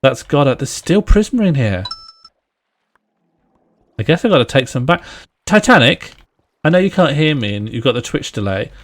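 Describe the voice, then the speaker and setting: Pausing often, this very animated man speaks at a normal pace in a mid-range voice. He's streaming a game live, joking around with viewers and friends, laughing frequently and talking to himself between moves in easygoing stream chatter.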